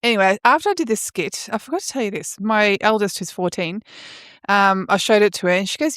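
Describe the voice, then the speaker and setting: A woman's voice: medium pitch, fairly quick, dry recording, clean studio sound. A middle-aged woman with an Australian accent, co-hosting a podcast in casual chat and telling stories with lots of acted-out voices. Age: 40s. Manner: animated storytelling, acts out voices. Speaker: podcast co-host.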